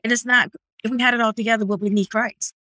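A woman's voice: fairly high pitch, fairly even intonation, fast talker, sharp tone, no echo. A woman hosting a faith podcast, responding with encouraging, faith-centered affirmations. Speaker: podcast host.

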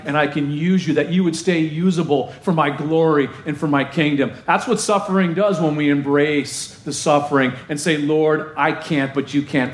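Pastor guy preaching, kinda high voice, lots of repeating lines, roomy echo. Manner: emphatic, repeats phrases for effect. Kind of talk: sermon.

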